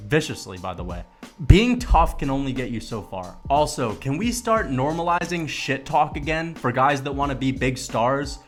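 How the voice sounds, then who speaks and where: A man ranting to camera about fighters, casual and profane, with emphatic, animated delivery. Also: medium pitch. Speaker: MMA commentary vlogger. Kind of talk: casual opinion rant to camera.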